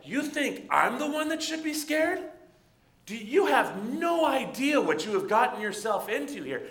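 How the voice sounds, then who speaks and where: A man's voice: very high voice, big pitch swings, measured pace, a bit bright, pitched above the performer's own voice, heavily acted. A man voicing a fearless young shepherd boy, defiant and incredulous, in a roomy echo. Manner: incredulous, emphatic.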